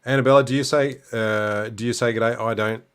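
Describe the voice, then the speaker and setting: A middle-aged Australian man hosting a livestream, casually chatting and answering viewer comments with relaxed fillers and restarts. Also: medium pitch, a little fast, smooth. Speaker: livestream host.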